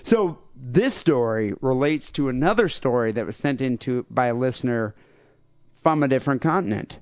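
A man's voice: mid-range voice, lively intonation, moderate pace, dry recording. A man co-hosting a podcast, reading out crime stories and joking crudely about them in a casual chat. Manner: reads news stories aloud with crude jokes. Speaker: podcast co-host. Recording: dull lo-fi podcast audio.

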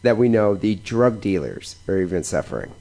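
A man's voice: lowish voice, sing-song, normal speed, dark tone. A man hosting a podcast, chatting casually and joking with frequent laughter. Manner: jokey, laughs often. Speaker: podcast host. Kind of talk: casual chat.

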